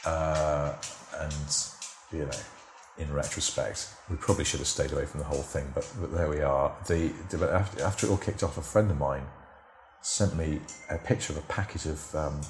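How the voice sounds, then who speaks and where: Deep-voiced man telling rambling anecdotes. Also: fairly even intonation, brisk, echoey room, soft background music. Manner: rambling and anecdotal, full of "sort of" and "you know". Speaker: podcast guest, former TV script editor. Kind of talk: casual interview storytelling.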